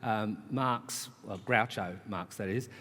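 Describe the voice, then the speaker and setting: A man's voice: on the low side, slow pace, pushed and bright. A man, a charity leader, giving an impassioned conference speech with rhetorical repetition and wry asides. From Australia. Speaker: charity CEO, conference speaker. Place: conference hall. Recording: long hall reverb.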